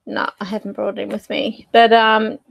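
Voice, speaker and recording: A woman's voice: mid-range voice, level tone, moderate pace, gravelly, dry recording. A woman hosting her own channel, talking casually to camera as a psychic medium, rambling and searching for words with fillers. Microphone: desk mic.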